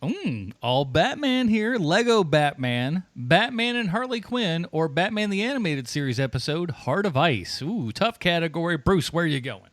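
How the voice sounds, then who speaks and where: Male podcast host, animated and playful, dry studio sound. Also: a little high, normal speed, few pauses, no echo. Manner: presents award categories, playful. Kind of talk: casual podcast chat.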